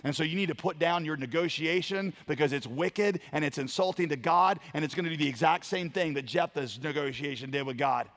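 A man preaching a sermon, building to loud emphatic lines and dropping to quiet ones. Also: on the high side, a little fast, few pauses. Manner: emphatic preaching, dramatic swings in volume. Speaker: pastor.

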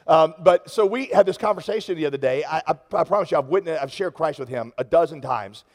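Animated and quick, a man with a fairly high voice delivers a sermon as a pastor. His storytelling starts conversational and rises to impassioned peaks, all carried by the long reverb of a large hall.

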